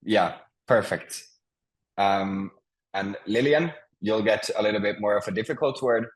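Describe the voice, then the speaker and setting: A man's voice: fairly low pitch, measured pace, rough recording. A man teaching Finnish pronunciation in an online class, patient and hesitant, with many fillers and restarts. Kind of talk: online language lesson over Zoom. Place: home, video call. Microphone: video call mic.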